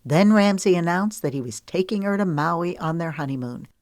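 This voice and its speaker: A woman narrating an audiobook in an even, measured storytelling manner. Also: on the low side, dry recording, studio quality.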